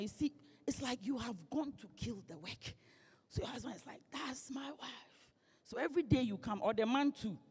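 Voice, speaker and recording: A woman's voice: mid-range voice, slightly rough. Woman speaking in a hall. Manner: lively, playful, acts out quoted voices. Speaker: guest speaker. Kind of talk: motivational speech.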